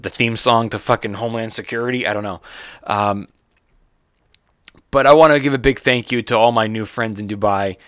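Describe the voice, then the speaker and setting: Speaking fairly quickly in a mid-range voice, an American comedian hosts his own podcast with a rambling, animated, profanity-laced solo monologue and frequent restarts. The sound is clean studio audio with no room sound.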